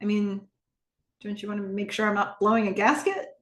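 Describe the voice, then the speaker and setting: A woman's voice: medium pitch, steady tone, a little fast, a bit bright, reverberant, close to an everyday voice. A woman voicing a nervous, chatty middle-aged man who keeps rambling to his doctor. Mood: nervous chatter.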